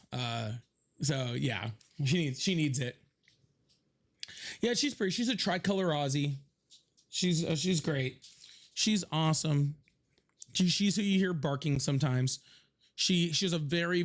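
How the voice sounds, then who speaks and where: A young man hosting a casual livestream from his home office, chatting with viewers, thanking them by name and swearing freely. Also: medium pitch. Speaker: livestream host.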